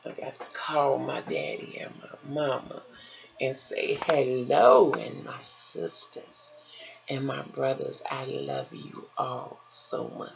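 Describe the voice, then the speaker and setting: An older woman vlogging in a slow, soothing, motherly way, calling her listeners baby and honey. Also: a bass voice, animated, gravelly. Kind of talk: encouraging vlog talk. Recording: dull lo-fi home recording with faint noise.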